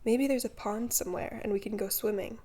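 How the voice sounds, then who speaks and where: A woman's voice: a little high, steady tone, fairly quick, warm tone, slightly rough. A woman doing a lazy, joking young man. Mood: idle. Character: idle, playful young man.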